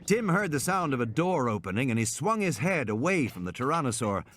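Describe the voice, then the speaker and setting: A man narrating an audiobook in a dramatic, scripted style. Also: brisk. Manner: dramatic, lively pitch swings.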